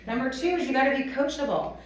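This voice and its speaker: Woman, motivational sales talk, chatty and animated, very echoey room, heard from a distance. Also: sits high, fast. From United States. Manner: chatty and animated, acts out little scenes. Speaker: motivational speaker at a sales event. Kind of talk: lively live training talk. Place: conference room with a live audience.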